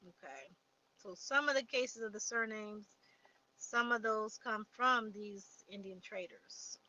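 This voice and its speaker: A woman's voice: medium pitch, unhurried, bright, forceful tone, dull audio. A woman hosting a casual livestream, chatting and reading viewer comments aloud before answering them. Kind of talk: casual live chat.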